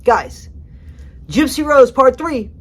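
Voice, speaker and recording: A woman's voice: high voice, sing-song, slow pace, slightly rough. A woman giving casual, rambling commentary on a TV clip, chatty with sarcastic asides. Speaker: commentary vlogger.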